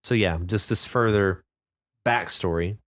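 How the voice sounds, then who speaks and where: Deep-voiced relaxed man reading aloud. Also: a little slow. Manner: relaxed, laughs often, reads passages in a low steady voice. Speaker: podcast co-host. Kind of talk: casual book-discussion chat, reading excerpts aloud.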